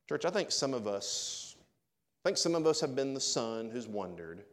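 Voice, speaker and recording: A man's voice: mid-range voice, sing-song, moderate pace. A man pastor preaching a sermon, conversational and speaking directly to his congregation.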